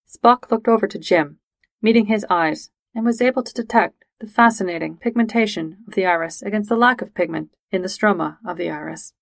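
A woman narrating a fan-fiction audiobook in a steady, even storytelling manner. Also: medium pitch, a little fast, gravelly, no echo.

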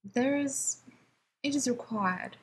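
A woman voicing a calm, formal alien diplomat woman who speaks in a measured, maddeningly reasonable way, slowly. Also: fairly high pitch, breathy edge, pitched above the performer's own voice, heavily acted.

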